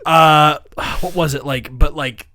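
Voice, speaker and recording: Higher-voiced man chatting about a movie. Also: steady tone, unhurried, bright, forceful tone, no echo, studio quality. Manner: chatty and laughing, lots of "like" fillers. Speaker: podcast co-host. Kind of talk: casual movie review chat.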